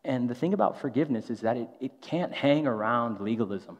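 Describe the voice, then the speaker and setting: This is a pastor giving a sermon, chatting more than orating and often adding a rhetorical "right?". His mid-range male voice moves a little quickly. The sound is lo-fi and dull, echoing with long hall reverb.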